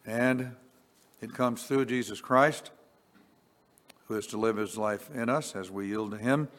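A man preaching a sermon, reading scripture slowly and deliberately, rising on key words and dropping quiet on asides. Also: fairly low pitch. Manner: slow, deliberate, swells on scripture then drops quiet. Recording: long reverb.

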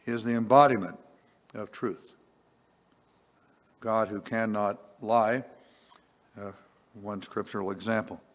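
A man preaching a sermon, reading scripture slowly and deliberately, rising on key words and dropping quiet on asides. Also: fairly low pitch, steady tone. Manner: slow, deliberate, swells on scripture then drops quiet. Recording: long reverb.

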